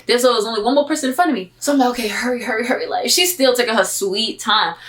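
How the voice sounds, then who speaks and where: A young woman from Miami, telling a vlog story in a casual, animated, slangy way and acting out her own asides. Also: a little high, racing. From Miami, Florida. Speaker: vlogger.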